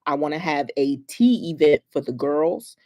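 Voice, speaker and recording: Speaking with a low pitch at a moderate pace, a young school counselor chats casually on a livestream with families. She's an animated storyteller, full of playful slang and frequent laughter.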